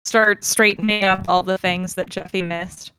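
A woman's voice: medium pitch, fairly even intonation, moderate pace, sharp tone. A woman playing a tabletop role-playing game, describing what her character does in a hesitant way with fillers. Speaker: player.

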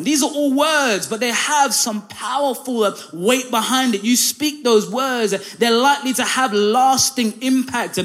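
A male pastor with a notably high voice delivers a sermon to a live congregation in a church. He preaches in a conversational way, breaking up his points with "uh" and "listen.". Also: a bit bright.

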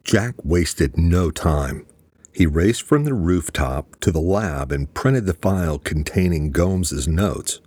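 A man narrating an audiobook in a steady, measured storytelling voice. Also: low-pitched, breathy edge, no room sound. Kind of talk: scripted narration.

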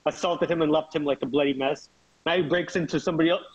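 A man's voice: fairly high pitch, fairly even intonation, fast, breathy edge, no echo. A man talking wrestling on a podcast in casual chat, rambling and emphatic, sometimes laughing mid-sentence. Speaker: co-host wrestling pundit. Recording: dull lo-fi dry recording.

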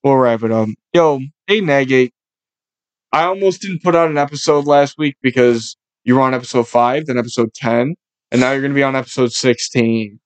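A man's voice: medium pitch, a little fast, no room sound. A man hosting a casual podcast, joking around and swearing loosely. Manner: profane, joking, loose banter. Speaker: podcast host.

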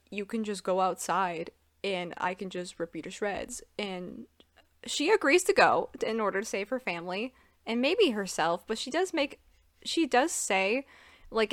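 A woman's voice: mid-range voice, no room sound, clean studio sound. A woman co-hosting a casual book-chat podcast, swearing freely, laughing and acting out characters' lines. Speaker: podcast co-host.

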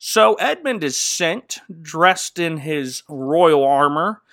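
A man's voice: a little high, lively intonation, slow, fairly bright tone, no echo, studio quality. A man co-hosting a podcast, recapping a film in a casual, jokey way and slipping into mocking voices for the characters. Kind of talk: casual comedic movie recap.

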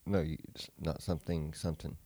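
Deep, dark-voiced man. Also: expressive, a little fast, dry recording. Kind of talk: improvised comedy sketch.

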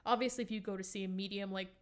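A woman's voice: medium pitch, steady tone, very fast. Woman, podcast co-host, casual chat, rambling, filler-heavy, swears casually.

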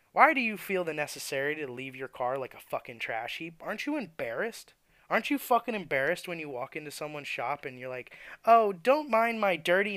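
A man's voice: a little high, a bit bright, no echo. Profane, ranting young man, dry close mic. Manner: profane, blunt, exasperated. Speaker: podcast host. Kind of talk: ranting monologue.

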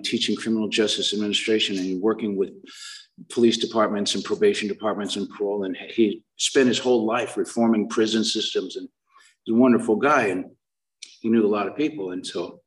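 A middle-aged man giving a personal recovery share at a meeting, rambling and self-deprecating, with lots of restarts. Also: lowish voice. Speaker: main speaker at a recovery meeting. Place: meeting room before a live audience. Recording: voice picked up from a distance.

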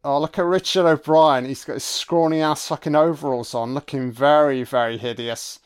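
A man's voice: fairly high pitch, steady tone, moderate pace, clear, resonant tone. A man giving a casual, profane and sarcastic film commentary as host.

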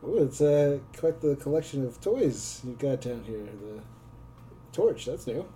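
A woman's voice: extremely low pitch, animated, a little slow, warm tone, a little hiss or hum. A woman playing in a tabletop role-play, hesitant and full of fillers. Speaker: player.

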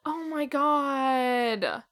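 An excitable woman in casual watch-along chat, her voice bright and on the high side. She gasps and exclaims at each scary moment, laughing and swearing freely as she talks. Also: drawn-out words. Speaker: co-host reacting to a film.

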